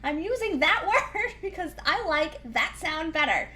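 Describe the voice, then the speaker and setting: A woman's voice: very high-pitched, expressive, measured pace, bright, forceful tone, low-quality recording. A woman with a slight Southern accent, chatting casually and laughing often while streaming a game. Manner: chatty, giggly, rambling.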